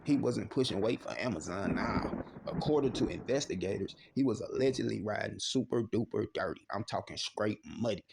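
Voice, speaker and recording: Gravelly joking Texan news host. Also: male voice, fairly low pitch, expressive, brisk, background noise. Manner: loud joking slangy delivery. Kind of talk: comedic news commentary.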